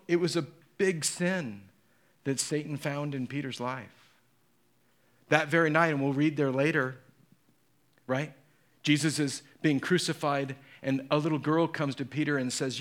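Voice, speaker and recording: Animated pastor preaching with acted-out quotes. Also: male voice, fairly high pitch. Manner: dramatic storytelling, acting out voices in quotes. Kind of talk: sermon.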